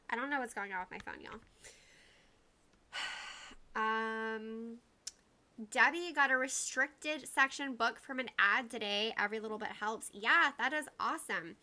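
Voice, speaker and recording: A woman with a slightly high, bright voice and a forceful tone hosts a casual livestream, unhurried and pausing at length. She rambles chattily, greets viewers by name, and leans on "y'all" and "like" a lot.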